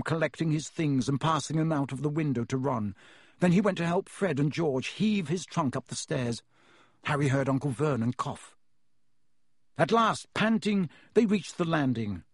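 A man narrating a storybook aloud in a steady, even-paced reading. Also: fairly high pitch, moderate pace, breathy edge, no room sound, clean studio sound. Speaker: audiobook reader.

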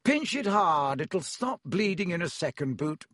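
A man's voice: high voice, big pitch swings, measured pace, a bit bright, no echo, clean studio sound, voice pushed up, heavily acted. A man voicing a vain, flustered, showy male wizard teacher in an audiobook, talking in a chirpy, overeager way. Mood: fussy cheerful.

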